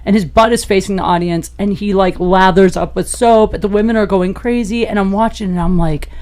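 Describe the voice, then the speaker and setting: Woman telling a wild story on a podcast. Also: a little fast. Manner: animated, gets loud and high-pitched as the story peaks; laughs through her own story. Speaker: comedian guest on a podcast. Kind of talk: raunchy anecdotal storytelling.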